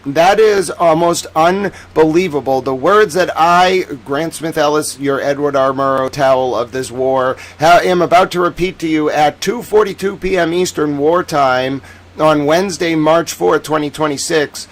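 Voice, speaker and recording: A man hosts a livestream of news commentary, his voice sitting a little higher than most men's. He talks in a theatrical, sarcastic way, swinging between booming proclamations and low asides. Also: normal speed. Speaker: host. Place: home studio in Boston.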